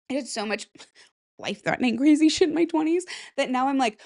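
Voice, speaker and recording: A woman's voice: sits high, fairly quick. Chatty woman in her thirties rambling. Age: 30s. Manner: rambling, chatty, swears freely. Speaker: podcast host. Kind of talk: casual solo podcast chat.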